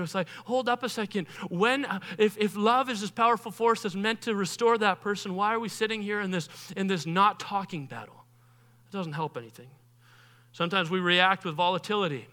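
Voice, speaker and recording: A man preaching a sermon as pastor, animated, acting out the voices of people he quotes, rising to loud bursts and dropping quiet. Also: high voice, a little fast.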